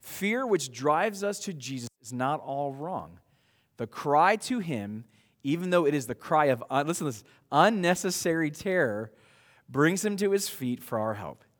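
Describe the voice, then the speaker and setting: A man preaching a sermon to his church in a conversational, animated way, with frequent asides. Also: on the high side, a little slow, in a large hall. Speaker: pastor.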